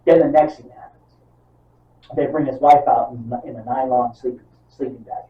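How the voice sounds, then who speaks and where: A medium-pitched male co-host talks at a normal speed in a casual podcast chat, full of profanity and animated reenactments of film scenes. The recording is distant, roomy and dull.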